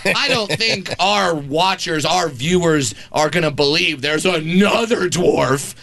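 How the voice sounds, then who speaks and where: A man's voice: on the high side, takes it slowly, creaky, a crowd in the background. A man in his thirties telling comic stories on a talk show, jumping into the voices of the people in them. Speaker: guest storyteller.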